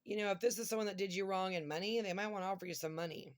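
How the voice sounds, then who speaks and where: A woman's voice: medium pitch, very fast. A middle-aged woman doing a casual tarot reading, talking emotionally and exclaiming, close to tears at times. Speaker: tarot reader.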